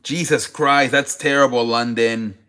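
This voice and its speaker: A man's voice: mid-range voice, steady tone, a little slow, bright, forceful tone. A man hosting a live sports stream, chatting casually with viewers in a rambling, profane way.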